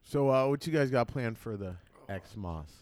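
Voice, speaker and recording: A man's voice: mid-range voice, expressive, moderate pace, darkish tone, no room sound. A man co-hosting a podcast, easygoing and agreeable, swearing freely in casual chat with friends. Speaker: podcast co-host.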